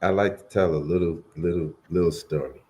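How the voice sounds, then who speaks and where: A man co-hosting, telling a personal story in an earnest, slow and heartfelt way. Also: deep voice, steady tone, dark tone.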